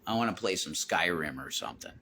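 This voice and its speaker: A man's voice: low voice, animated, quick pace, creaky, pushed and bright, a little hiss or hum. A man rambling and swearing as he walks around his house, vlogging into his phone. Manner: rambling, repeats himself, swears a lot. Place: home, walking around with a phone.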